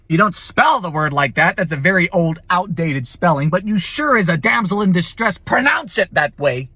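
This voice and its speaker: A young man from Bermuda talks in a sarcastic, theatrical way. His pitch leaps around as he jokes and yelps at strange old recipes. He sounds like a comic short-video creator. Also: lively intonation, brisk, few pauses, fairly bright tone, slight background noise. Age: 20s. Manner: sarcastic, exaggerated reactions and outbursts. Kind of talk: comedic cooking and travel clips.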